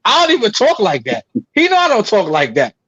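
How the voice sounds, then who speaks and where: A man's voice: high-pitched, wildly swooping pitch, fairly quick, pushed and bright, no echo, dull audio. A man on a live stream group call, talking in a casual, defensive way, stammering and repeating himself. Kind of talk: casual chat.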